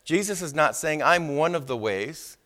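A male pastor preaching a sermon, leaning on key words with slow, drawn-out stresses and asking the congregation for agreement. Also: a little high, lively intonation, pushed and bright. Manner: asks the congregation for response.

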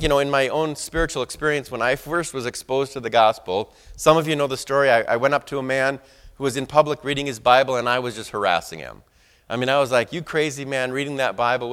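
A man's voice: mid-range voice, a bit bright. A middle-aged man preaching a sermon as pastor, talking conversationally, telling personal stories and often asking the congregation "Amen?". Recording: long hall reverb.

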